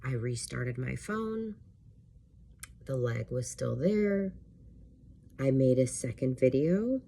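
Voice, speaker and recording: A woman's voice: very deep voice, warm tone, a little hiss or hum. A woman who works as a life coach, telling a personal story in a candid, rambling vlog style with plenty of fillers. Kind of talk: casual talking-to-camera vlog.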